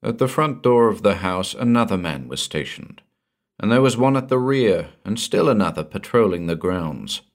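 A man's voice: lowish voice, animated, moderate pace. A man narrating a pulp crime story aloud in a tense, dramatic reading.

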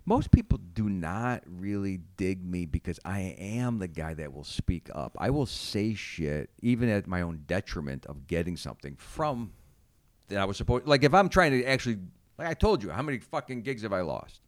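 A man's voice: deep voice, moderate pace, dry recording. A man co-hosting a podcast, a comedian talking casually and bluntly, cursing freely as he tells stories. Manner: blunt, profane, animated storyteller.

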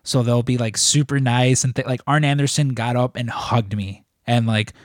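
Guy rambling through a story, lots of likes and you-knows, dry close sound, middle pitch. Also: fairly even intonation, normal speed, no echo. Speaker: wrestling merchandise shop employee asking questions. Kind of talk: casual chat.

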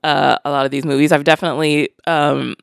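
A woman's voice: low-pitched, little pitch movement, fast talker, vocal fry, smooth, dry recording, clean studio sound. A woman in her late thirties co-hosting a casual podcast, talking earnestly and hesitantly. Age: 30s. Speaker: podcast co-host. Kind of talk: casual chat.

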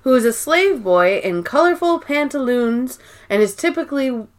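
A woman's voice: high-pitched, lively intonation, normal speed. A young woman co-hosting a podcast, recapping episodes in casual, chatty talk full of "like" and "um", with the odd swear. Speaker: podcast co-host.

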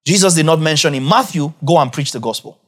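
A male preacher with a somewhat high voice teaches from Scripture in a sermon style. He quizzes his listeners with rapid questions and repeats key phrases. His delivery swings from hushed low asides to loud, high bursts of emphasis.

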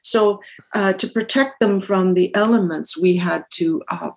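A woman's voice: mid-range voice, unhurried, gravelly, a little hiss or hum. An older woman with a Minnesota accent, a guest telling detailed stories from memory in a podcast interview, often restarting her sentences. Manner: detailed, self-correcting recollection. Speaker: guest, audio engineer.

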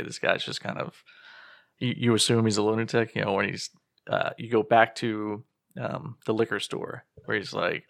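A man with a gravelly, fry-laden voice sits low in his register as he rambles through a relaxed podcast discussion of a film. He acts out characters' lines as he goes. The sound is dry and close, with no room around him. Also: no room sound. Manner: rambling, acts out quotes with a laugh. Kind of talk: casual movie discussion.

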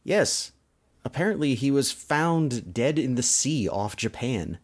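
A man co-hosting a podcast, chatting in a relaxed way and adding brief asides. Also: medium pitch, unhurried. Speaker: podcast co-host. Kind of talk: casual podcast chat.

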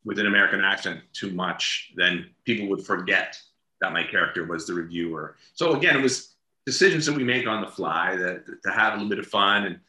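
A man's voice: low-pitched, brisk, sharp tone, reverberant. A man being interviewed as an actor, telling stories in casual chat and laughing as he talks. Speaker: actor guest.

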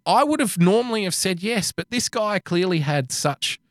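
A man tells a story in a loose, profane chat, doing little voices for the people in it. His pitch swoops widely as he goes, and the sound is dry and close. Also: normal speed, no room sound. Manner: swearing, animated storytelling with quoted voices.

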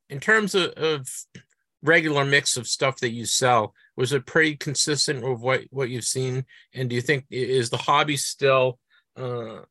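A middle-aged man with a Boston accent hosts a casual interview. He asks questions in a halting, chatty way and often restarts his sentences. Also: medium pitch, bright, forceful tone, no echo. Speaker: podcast host.

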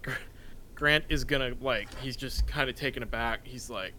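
Bright-voiced man playing a tabletop game. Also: mid-range voice, moderate pace, a little hiss or hum, low-quality recording. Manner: hesitant, casual, slips in and out of character. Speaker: tabletop player. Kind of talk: casual tabletop role-play.

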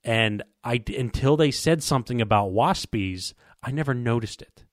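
A man casually tells a long hunting story, rambling, stumbling over repeated words and acting out what people said to him. His medium-pitched voice moves at normal speed, with studio-quality sound and no room noise.

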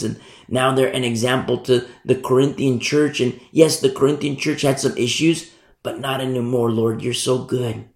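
A man's voice: medium pitch, fairly even intonation, moderate pace, a little mellow. A male pastor preaching a sermon, emphatic and repeating his key phrases. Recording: roomy echo.

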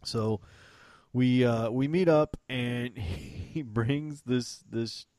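A man's voice: mid-range voice, very slow, no echo. A man co-hosting a podcast in casual chat, telling stories with lots of laughter and swearing. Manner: laughing, profane, animated storyteller. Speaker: podcast co-host.

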